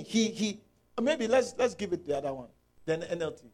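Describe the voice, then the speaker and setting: A male pastor preaching a sermon, emphatic and repeating key lines, swinging between shouted peaks and low murmurs. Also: lively intonation, a little fast.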